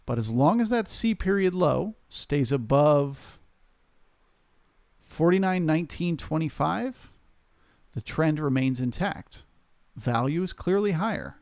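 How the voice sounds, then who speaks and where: Male live-stream trading host, gravelly edge, dry close sound, casual explainer. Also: fairly high pitch, animated, slow, darkish tone, no echo. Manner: casual, explanatory, market jargon.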